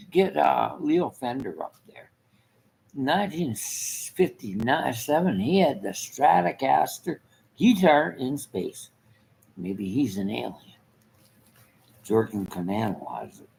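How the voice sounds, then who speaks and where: A man's voice: medium pitch, sing-song, takes it slowly, creaky, darkish tone, low-quality recording. A man giving a rambling casual monologue, trailing off mid-thought and chuckling often.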